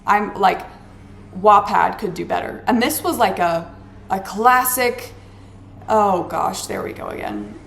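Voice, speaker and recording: Gravelly-voiced woman ranting over gameplay. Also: mid-range voice, takes it slowly, fairly bright tone. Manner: dramatic, exasperated ranting with sarcastic asides. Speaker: gaming vlogger. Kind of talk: casual ranting chat while playing a game.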